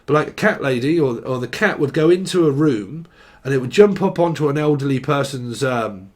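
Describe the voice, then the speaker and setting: A man from England giving a loose, casual tarot reading. His voice sits at an ordinary middle pitch. He wanders from idea to idea and swears freely as he goes. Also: expressive, brisk, darkish tone. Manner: rambling, swearing, free-associating. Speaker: tarot reader.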